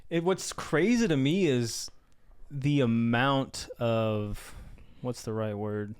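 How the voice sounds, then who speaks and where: Laid-back male podcast co-host, smooth, resonant voice, dry close sound. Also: mid-range voice, slow pace, a little mellow, dry recording. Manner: laid-back, short agreeing replies. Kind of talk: casual chat.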